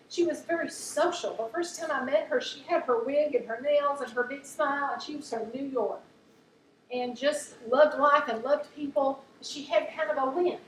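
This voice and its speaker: High-voiced woman speaking in an echoey hall. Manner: warm storytelling, earnest, laughs at funny stories. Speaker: speaker at a talk on chronic illness. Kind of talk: faith-based presentation to a group. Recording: echoey room, mic at a distance, faint background noise.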